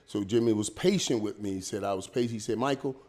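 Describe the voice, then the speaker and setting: Animated middle-aged man telling stories. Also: on the low side, quick pace. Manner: animated, repeats words, peppers talk with "man" and "dog". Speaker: interview guest, former pro football player. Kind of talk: casual storytelling in an interview.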